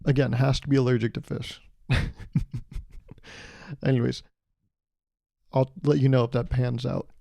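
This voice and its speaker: A man's voice: medium pitch, level tone, a little slow, creaky, long pauses, warm tone, dry recording. A man hosting his podcast, telling a long joking story that builds to a pun. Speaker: podcast host. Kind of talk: comedic storytelling monologue. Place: California.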